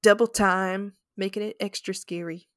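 A woman's voice: mid-range voice, steady tone, normal speed, a bit bright, dry recording, studio quality. A woman co-hosting a podcast, reading a ghost story aloud dramatically with casual, apologetic asides. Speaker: podcast co-host.

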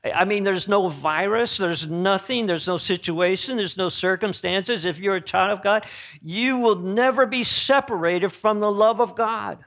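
A man's voice: high voice, moderate pace. Man preaching an earnest sermon. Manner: earnest, rises to emphatic peaks then drops to hushed solemn tones; frequent self-corrections and restarts.

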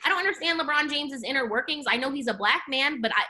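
A woman talking in a casual podcast chat, blunt and animated, saying "like" a lot and swearing freely. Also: high-pitched, quick pace.

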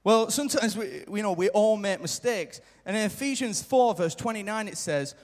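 A high-voiced man delivers an earnest sermon live in a church. His words ring out with a long hall reverb behind them. He stresses his points by repeating them and slips into short quoted remarks. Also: animated, moderate pace. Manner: earnest, repetitive emphasis, acts out quoted lines. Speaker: preacher.

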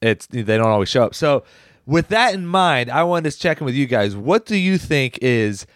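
Animated man, lively pitch. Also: normal speed, dry recording, clean studio sound. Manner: animated, jokey storyteller. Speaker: podcast co-host, church worker. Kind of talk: casual chat.

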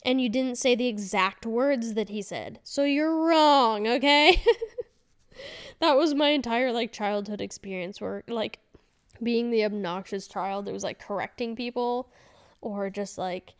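A woman's voice: on the high side, clear, resonant tone. A woman in her thirties hosting a casual solo podcast, rambling candidly with fillers and self-corrections. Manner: chatty and candid. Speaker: podcast host.

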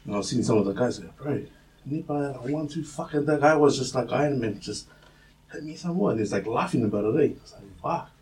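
Co-hosting a casual podcast chat, a man with a medium-pitched voice tells animated, swear-filled stories at a quick pace, acting out what people said. The mic is distant, with faint room ambience.

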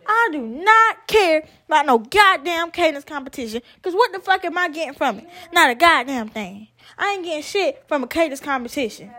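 A young woman with a high voice rants about her army training day in a casual vlog. She swears freely and sounds fed up, and she keeps addressing her listeners as "podcast". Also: animated, a little fast, sharp tone. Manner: profane, exasperated ranting; talks to the camera as "podcast". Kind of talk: casual venting to camera.

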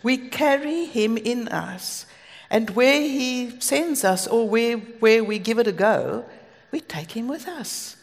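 A woman's voice: on the high side, lively intonation, slow. A South African woman preaching a sermon, telling stories earnestly with asides. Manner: earnest, storytelling, with asides and light laughs. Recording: long hall reverb.

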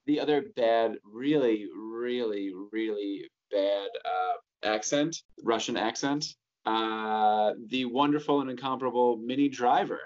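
A man's voice: mid-range voice, measured pace, highs cut off. A man chatting casually about movies, hesitant and teasing, with many fillers.

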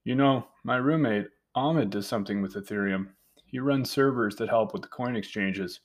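A man's voice: medium pitch, moderate pace, close to an everyday voice. A man doing a tired, hesitant young researcher. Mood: casual.

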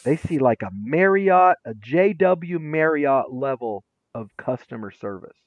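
Middle-aged male educator, guest, emphatic and slangy, very lively intonation, dry close sound. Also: a little high, unhurried, dry recording, muffled recording. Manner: emphatic, punchy delivery with casual slang. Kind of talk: animated storytelling in conversation.

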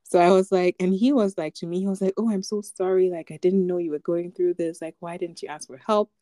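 Low-voiced young woman telling a story. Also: steady tone, brisk, dark tone, dry recording. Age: young adult. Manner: chatty storytelling with many fillers and laughs. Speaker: podcast co-host. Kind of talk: casual chat.

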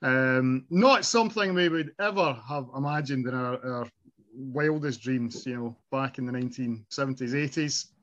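A man's voice: mid-range voice, normal speed, fairly bright tone, dull audio. A middle-aged man hosting a casual nostalgic podcast chat, reminiscing and laughing often. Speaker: podcast host.

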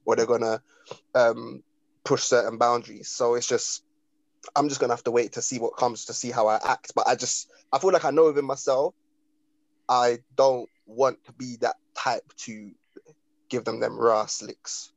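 A man's voice: mid-range voice, steady tone, moderate pace, vocal fry, no echo, poor audio. A young man chatting casually on a podcast, rambling with slang and restarts. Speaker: podcast co-host. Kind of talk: casual chat.

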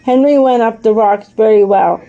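A woman narrating a children's storybook aloud at a clear, even pace. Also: a little high, moderate pace, phone-quality sound.

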